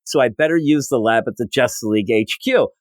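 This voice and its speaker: A man voicing an earnest teenage half-robot hero from a cartoon comic, flat and matter-of-fact. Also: mid-range voice, brisk, no echo, voice pushed down, lightly acted.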